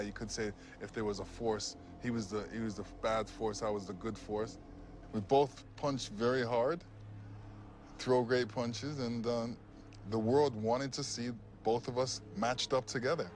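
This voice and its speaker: Retired heavyweight guy, calm and measured, lowish voice, music clear behind. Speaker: former boxer, guest. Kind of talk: sports interview answers.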